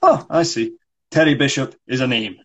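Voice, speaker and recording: A man's voice: medium pitch, moderate pace, breathy edge, highs cut off, natural voice. A Scottish man reading the part of a frustrated, proud struggling actor in a script read-through, pushing back defensively. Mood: indignant. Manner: pushy, defensive complaining.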